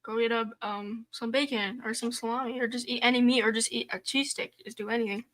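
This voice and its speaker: A teenage girl co-hosting a livestream with her father, speaking casually with many fillers and pauses. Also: fairly high pitch. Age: teens. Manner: relaxed, hesitant, lots of fillers. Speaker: host's daughter, co-host.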